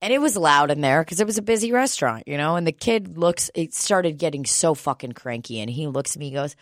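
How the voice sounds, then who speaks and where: A woman tells a rambling story in a casual chat, swearing freely and laughing as she goes. Her voice sits a little low. The sound is dry and close. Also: animated, fairly quick, hardly any pauses, dry recording. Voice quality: profane, laughs often.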